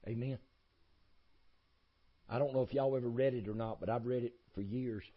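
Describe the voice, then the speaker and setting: A man's voice: medium pitch, fairly even intonation, moderate pace, lo-fi sound. A man preaching a sermon, folksy and emphatic, repeating his points in a rising cadence.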